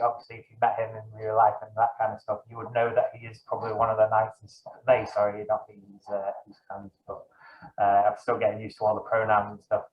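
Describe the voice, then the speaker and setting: A man's voice: lowish voice, a little hiss or hum. Man chatting in an echoey room. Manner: rambling, self-correcting, many fillers. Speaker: guest, dungeon master. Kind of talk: casual interview chat. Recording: echoey, dull lo-fi room sound.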